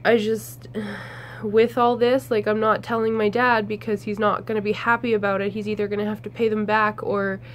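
A woman's voice: mid-range voice, little pitch movement, a little hiss or hum. A young woman talking straight to her viewers in a personal vlog, crying as she speaks and stopping and restarting her sentences. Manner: halting, tearful, many restarts. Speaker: vlogger.

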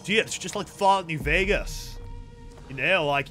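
A man's voice: fairly high pitch, normal speed, fairly bright tone, soft background music. A young man streaming a video game with rambling, joking, profane commentary. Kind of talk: casual gameplay commentary.

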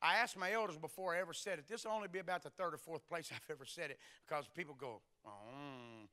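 A man's voice: a little high, racing, pushed and bright. A man preaching a sermon in a church, telling folksy stories and acting out the dialogue. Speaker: pastor. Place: church sanctuary.

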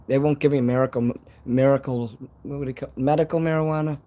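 A man's voice: mid-range voice, steady tone, quick pace, dark tone. A man from Chicago with a Chicago accent, chatting casually on a live stream outdoors at night, rambling and swearing freely. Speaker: livestreamer.

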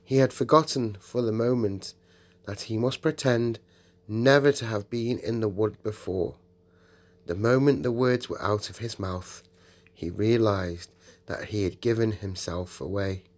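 A man narrating a children's audiobook in a measured storytelling manner. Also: fairly low pitch. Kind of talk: audiobook reading.

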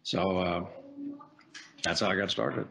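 Deep-voiced man telling career stories. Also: takes it slowly, vocal fry, a crowd in the background. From United States. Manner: chatty, animated anecdotes with playful voice impressions. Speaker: voice actor guest. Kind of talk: casual interview storytelling.

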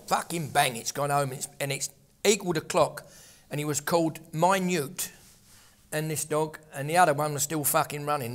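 A man's voice: a little high, a bit bright. An older man from England telling rambling, swearing anecdotes among old friends. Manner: rambling, swearing, laughing storyteller. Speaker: storyteller at a table of old friends.

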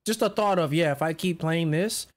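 A man co-hosting a podcast, chatting casually and telling animated, profanity-laced stories. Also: fairly high pitch, moderate pace. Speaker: podcast co-host. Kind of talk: casual chat.

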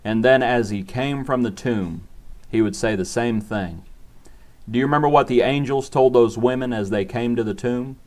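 A man's voice: medium pitch, normal speed, a little mellow. A man preaching a short devotional sermon in an earnest, repetitive cadence.

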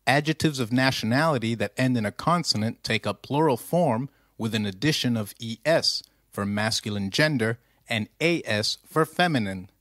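A man's voice: medium pitch, normal speed, hardly any pauses, a bit bright, dry recording, studio quality. A man narrating a scripted language lesson, speaking carefully and repeating phrases for the learner to say back. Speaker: language teacher.

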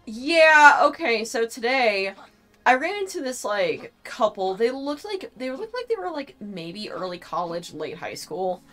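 A young woman with a high, bright voice rants bluntly in a casual chat. She swears freely and speaks with sharp, animated force. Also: a little slow, faint music behind. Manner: blunt, profane, animated ranting. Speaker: co-host.

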